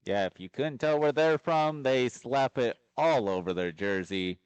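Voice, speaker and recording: A man provides color commentary on a live hockey broadcast from an arena. His voice is mid-pitched and smooth. He sounds laid-back and slips joking remarks in between notes about the game. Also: unhurried, no echo, dull audio. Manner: relaxed, joking asides.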